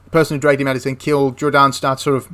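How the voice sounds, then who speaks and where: Speaking very fast in a flat, fairly bright mid-range voice, this young man hosts a history channel. He casually recounts a wartime history story in a chatty way, frequently correcting himself partway through sentences.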